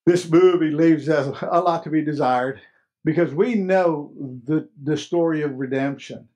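A man's voice: fairly high pitch, unhurried, mellow. A man preaching a sermon as pastor, earnest and emphatic, repeating key phrases.

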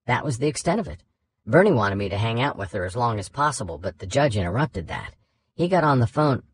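Man narrating a true-crime audiobook, lively pitch. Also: fairly quick, slight background noise. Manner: reads first-person interview recollections conversationally.

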